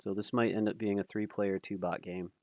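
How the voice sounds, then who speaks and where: A man casually commentating a live stream, thinking aloud with fillers, self-deprecating and quick to laugh. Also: on the low side, level tone, darkish tone, dry recording, lo-fi sound.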